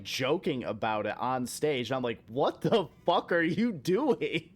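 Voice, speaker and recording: A young American man streaming a game, chatting casually in a rambling, profane way and slipping into mock-outraged rants. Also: medium pitch. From United States. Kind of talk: casual gameplay chat.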